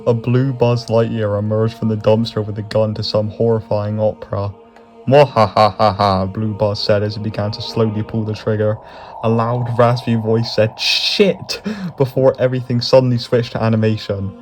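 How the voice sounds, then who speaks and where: Male YouTube narrator, low monotone delivery, crude comic storytelling with frequent cursing and chuckles. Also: a little fast, faint music behind. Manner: profane, chuckling through lines. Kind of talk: comedic scripted narration.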